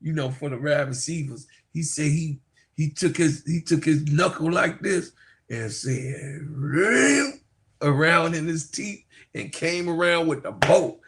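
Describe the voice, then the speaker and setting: A sports YouTuber tells stories to viewers on a casual livestream, his voice slow, gravelly and a little high. He rambles, laughs a lot, and calls his audience "y'all."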